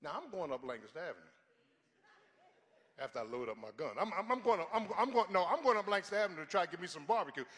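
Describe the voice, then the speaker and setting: An older man preaching a sermon, telling stories from his life and rising to fervent shouts. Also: high-pitched, sing-song, fast talker, big-room sound. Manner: storytelling, builds to fervent shouting.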